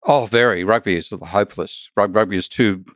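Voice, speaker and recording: Australian male guest, blunt joking storyteller, lowish voice, dry close sound. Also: a little fast, fairly bright tone, no room sound. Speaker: guest economist. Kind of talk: casual conversation.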